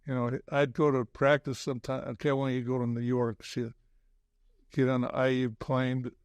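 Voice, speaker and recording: Casting: older man, gravelly voice, dry close mic, halting reflective interview guest. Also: mid-range voice, level tone, dry recording. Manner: halting, many restarts and "you know". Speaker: podcast guest, former basketball coach. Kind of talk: casual interview chat.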